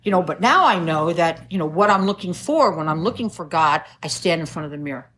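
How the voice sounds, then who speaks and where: Low-voiced New woman sharing testimony. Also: expressive, a little fast, fairly bright tone. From New York. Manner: earnest, conversational, laughs at herself. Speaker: recovery meeting speaker. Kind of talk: personal testimony talk. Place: meeting room.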